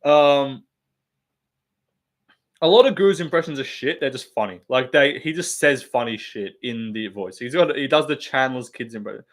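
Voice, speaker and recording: A man's voice: mid-range voice, moderate pace. A young man rambling casually and profanely on a live stream, laughing often and reading chat.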